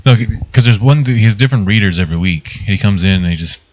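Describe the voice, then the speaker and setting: A man's voice: on the low side, fast, darkish tone, dry recording. A man from Labrador, Canada, co-hosting a casual podcast chat with dry, teasing remarks. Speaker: podcast co-host. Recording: lo-fi podcast recording.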